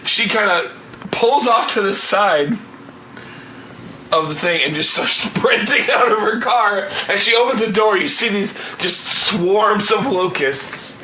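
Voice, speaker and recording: A man narrating a tabletop game as game master, with a bright, sharp voice. He speaks slowly and laughs easily. The room rings with a noticeable echo. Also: high-pitched, far from the mic, slight background noise.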